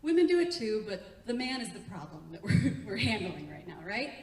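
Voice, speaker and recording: A woman's voice: mid-range voice, very animated, moderate pace. Chatty woman comic in echoey theatre. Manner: chatty, laughs often, works the crowd. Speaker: stand-up comedian. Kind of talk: live stand-up set. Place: theatre stage before an audience. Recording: echoey room, heard from a distance.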